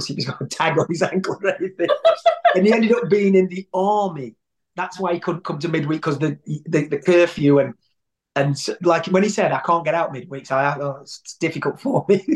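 Rambling man, higher voice. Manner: rambling storyteller, many restarts. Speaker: interview guest. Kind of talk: conversational anecdote.

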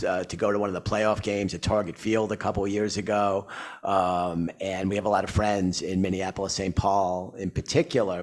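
Chatty New York interviewer, man. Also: fairly low pitch. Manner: enthusiastic, leading long questions. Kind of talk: conversational interview.

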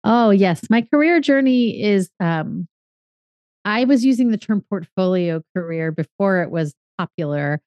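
A woman's voice: mid-range voice, expressive, unhurried, a little mellow, dry recording. A woman in her fifties from California, a podcaster and consultant answering interview questions in a reflective, explanatory way with some fillers. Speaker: podcaster and strategic consultant, guest.

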